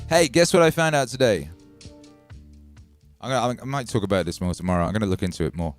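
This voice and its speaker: A deep-voiced man from Wales hosts a casual livestream in a Midlands accent with a Welsh tinge. He talks in an animated way, swears freely and repeats lines for emphasis. Faint music plays behind him. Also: brisk. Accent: English Midlands with a Welsh tinge. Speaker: music producer hosting a livestream.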